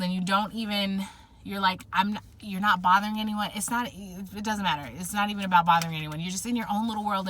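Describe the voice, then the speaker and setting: A woman's voice: lowish voice, fairly bright tone, slight background noise. A woman giving a casual tarot reading to viewers, rambling with frequent fillers and self-corrections. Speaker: tarot reader.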